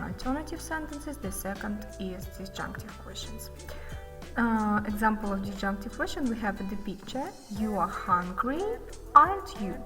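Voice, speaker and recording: Woman teaching, reverberant room, music behind. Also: medium pitch. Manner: explains slowly, reads example sentences with exaggerated rising and falling tunes. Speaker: English phonetics teacher. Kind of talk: classroom lesson.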